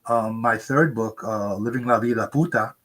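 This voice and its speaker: A man's voice: normal speed, a bit bright, rough recording. A seventy-year-old man, an author, telling earnest stories in an interview and acting out quoted people in a raised voice. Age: 70s. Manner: earnest storyteller, acts out quotes in a high voice. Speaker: author guest. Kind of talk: conversational interview. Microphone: remote interview mic.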